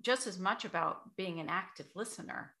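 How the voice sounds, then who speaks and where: A woman who coaches voice and public speaking, giving measured, explanatory answers as an interview guest. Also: lowish voice, creaky, bright, forceful tone.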